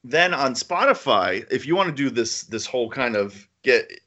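A man in a casual podcast chat who rambles eagerly from one thought to the next. His voice has a bright, sharp edge. Fillers pepper his talk, and the recording sounds dull and lo-fi. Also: mid-range voice, animated, normal speed. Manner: chatty, enthusiastic, with lots of "like" and "you know". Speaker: podcast co-host.

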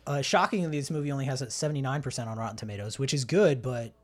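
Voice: mid-range voice, very fast. A podcast host chatting casually about a film, laid-back and opinionated, with frequent ums.

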